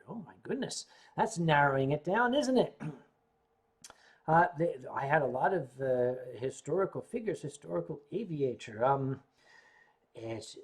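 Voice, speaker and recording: An older man from the United States hosting a casual livestream, rambling, reading viewer comments, often clearing his throat between sips. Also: on the high side, darkish tone. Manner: sipping drinks while chatting. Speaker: livestream host.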